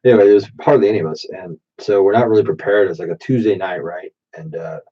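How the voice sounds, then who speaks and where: Low and husky, this male voice moves fast as the late-thirties streamer, nose stuffed up from allergies, drinks and spins rambling, foul-mouthed stories late at night. A dull, muffled default mic carries the sound.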